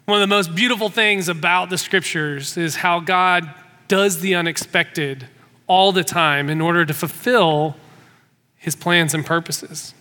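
Male preacher, high bright voice, storytelling sermon in a reverberant hall. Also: steady tone, a little slow. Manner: storytelling, repeats words when restarting.

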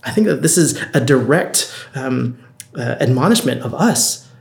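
A man's voice: medium pitch, expressive, normal speed, creaky. A man in his thirties preaching a conversational sermon, earnest and storytelling, often restarting his sentences. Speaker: pastor. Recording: roomy echo.

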